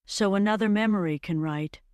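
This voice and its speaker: A man's voice: high-pitched, brisk, smooth, dry recording, clean studio sound, close to an everyday voice. A narrator voicing an old male professor with a German accent, speaking carefully and hesitantly. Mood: pondering.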